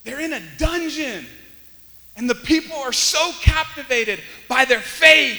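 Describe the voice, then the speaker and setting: A pastor preaching a sermon, swinging from loud exclamations to hushed near-whispers. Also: male voice, very high voice, unhurried, in a large hall, rough recording.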